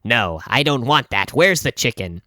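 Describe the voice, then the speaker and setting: A man voicing a pushy, deadpan woman shopper who turns furious, in a storytime video. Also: medium pitch, moderate pace, no room sound, clean studio sound, voice pushed down. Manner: flat, demanding, then snapping.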